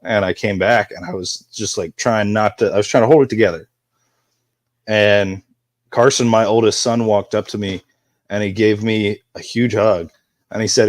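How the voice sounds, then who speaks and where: A man's voice: lowish voice, steady tone, normal speed, no echo. A man on a podcast as a guest, talking openly and candidly in casual chat. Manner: open, candid storytelling.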